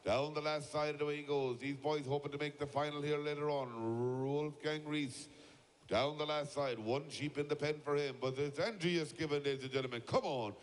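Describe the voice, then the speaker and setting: A man's voice: a little high, fairly even intonation, brisk, hardly any pauses, slight background noise. A man giving live play-by-play commentary at a shearing contest, urging the crowd to cheer. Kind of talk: live sports commentary over a PA.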